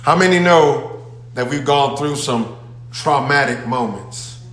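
A male pastor with a medium-pitched, somewhat bright voice preaches slowly in a church sanctuary, emphatically calling out to the congregation during his sermon. The room sounds echoey.

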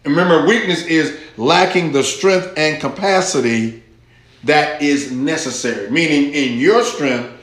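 A man preaches at a very slow, deliberate pace, lifting his voice with emphasis as he reads scripture aloud. His voice sits a little high for a man. The sound rings with the echo of a church room. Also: a bit bright. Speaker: pastor. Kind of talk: sermon. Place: church hall.

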